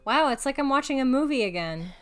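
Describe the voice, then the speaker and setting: A woman's voice: high-pitched, animated, a little fast, clear, resonant tone. A young adult woman streaming a video game, chatty and giggly, cooing at her cat between comments. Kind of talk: casual live-stream chat.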